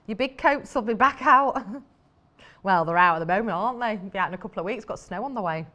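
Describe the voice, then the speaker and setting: A woman hosting a live shopping-channel demonstration, talking in a chatty, enthusiastic, rambling way. Her voice sits in an ordinary middle pitch for a woman, and she is a studio presenter. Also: lively intonation, fairly quick, sharp tone, muffled recording.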